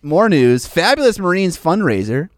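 A man's voice: high voice, big pitch swings, normal speed, no echo, clean studio sound. A man co-hosting a podcast in casual chat, rambling and jokey, with lots of fillers. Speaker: podcast co-host.

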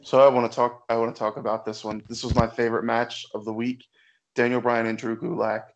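Man calmly analyzing wrestling matches. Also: medium pitch. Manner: measured, analytical commentary. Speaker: podcast co-host. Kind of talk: casual chat.

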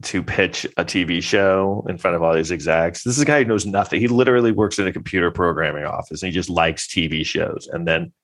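A man's voice: sits low, fairly quick, hardly any pauses. A man hosting a podcast, rambling through a mocking, casual commentary with many restarts. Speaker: podcast host.

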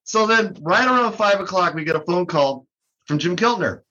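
A man's voice: high voice, expressive, moderate pace, sharp tone. An older man telling a story as a guest in a casual talk, laughing and cursing, with many restarts, recorded on dull, lo-fi audio. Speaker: guest, drum shop co-owner.

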